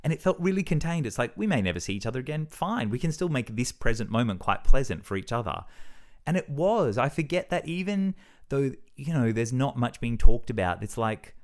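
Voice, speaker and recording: A man's voice: medium pitch, very animated, brisk. A young man talks to the camera in a loose, reflective way. He rambles, breaks off and restarts his sentences, and fills the gaps with ums. His tone is self-deprecating throughout. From Australia. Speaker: vlogger. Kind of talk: casual reflective monologue.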